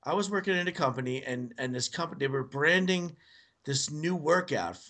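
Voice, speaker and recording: A man's voice: a little high, animated, a little fast, bright, forceful tone. A man chatting as a podcast guest, telling long stories with lots of swearing. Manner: profane, rambling storyteller. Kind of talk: casual chat.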